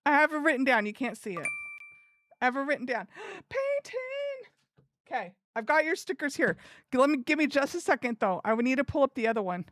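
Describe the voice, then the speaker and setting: A woman live streamer chatting casually with her viewers in an animated, giggly way. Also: high-pitched, brisk, a little hiss or hum.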